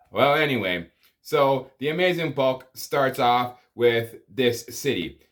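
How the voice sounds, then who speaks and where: A man's voice: mid-range voice, lively intonation, takes it slowly, a bit bright. A man giving a profane comedic movie review, exasperated and ranting, with sighs and groans of disbelief. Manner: exasperated, swearing, sighing rants.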